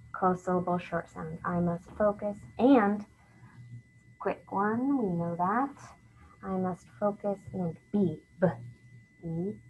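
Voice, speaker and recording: A woman teacher walking young writers slowly through a literacy lesson, step by step, sometimes whispering the example sentences. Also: fairly low pitch, narrow, tinny audio, a little hiss or hum.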